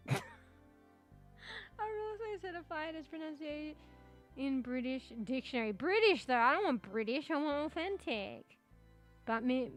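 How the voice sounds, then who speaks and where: Streamer, female, fairly high voice; giggly, swears, loops on words; faint music under her. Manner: giggly, swearing, repeats words to test pronunciation. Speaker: streamer chatting with viewers. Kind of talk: casual chat, reading chat and search results aloud. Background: soft background music.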